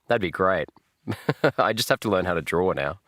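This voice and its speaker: An Australian man chatting on a live reaction stream, jokey and animated and laughing often. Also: sits low, moderate pace, no echo, clean studio sound.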